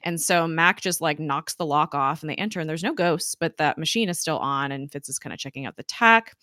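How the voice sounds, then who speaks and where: A woman co-hosting a casual chat, retelling a TV episode in a chatty way, full of fillers and quick laughs. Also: sits low, sharp tone, dry recording, studio quality. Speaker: podcast co-host.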